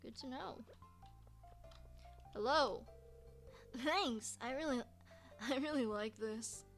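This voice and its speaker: A woman talks her way through a relaxed gaming session in a high voice, chatty and prone to repeating herself. Soft music plays faintly behind her. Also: a little slow. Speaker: game streamer. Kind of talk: casual gameplay commentary.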